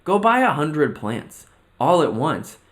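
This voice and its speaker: A man's voice: fairly high pitch, very animated, takes it slowly. A man coaching on mental health in a motivational vlog monologue. He talks earnestly and keeps checking in with "right?" and "okay?". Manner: mixes personal anecdotes with an extended analogy. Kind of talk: motivational self-reflection monologue.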